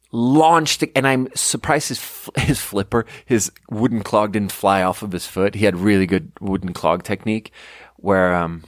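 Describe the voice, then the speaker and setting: A young man from Sweden rambles through personal stories on his podcast, swearing casually and poking fun at himself. His voice sits a little low. The sound is close and dry, with no room around it. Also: no room sound. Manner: rambling, profane, self-deprecating storytelling. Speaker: podcast host. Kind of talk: casual monologue. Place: home room.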